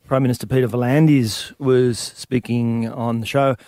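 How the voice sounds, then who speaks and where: A man with an Australian accent hosting a sports radio panel show, brisk and steering the talk. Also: mid-range voice, little pitch movement, warm tone, dry recording, clean studio sound.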